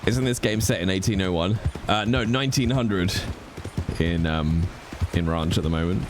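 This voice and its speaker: A man's voice: deep voice, normal speed, background noise. A man chatting casually and joking at himself while streaming a roleplay game. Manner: joking, self-mocking. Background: music.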